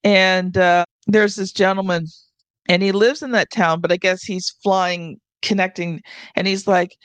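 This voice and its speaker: A woman hosting a podcast, telling a relaxed, chatty story in casual conversation. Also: fairly low pitch, measured pace, dry recording. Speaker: podcast host.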